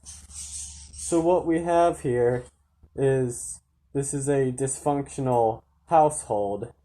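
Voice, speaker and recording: A woman doing an impression of a male TV talk show psychologist, speaking slowly in a calm, pompous, measured way. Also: a bass voice. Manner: slow, measured, pronouncing.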